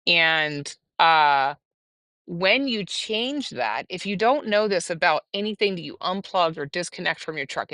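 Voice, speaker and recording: Woman, chatty livestream host, animated storyteller, bright tone, dry sound. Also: lowish voice, no room sound. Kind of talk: casual livestream chat.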